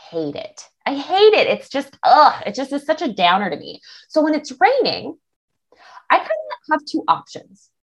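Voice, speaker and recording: A woman body image coach answering interview questions in a casual, animated way, acting out the thoughts of others. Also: on the low side. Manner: animated, acts out quoted thoughts.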